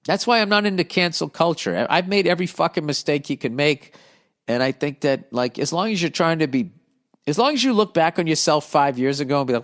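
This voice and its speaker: A middle-aged man hosting a comedy podcast, reading listener letters aloud and answering them in a blunt, profane, animated rant. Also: on the high side, fairly quick. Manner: blunt profane ranting with lively animated swings.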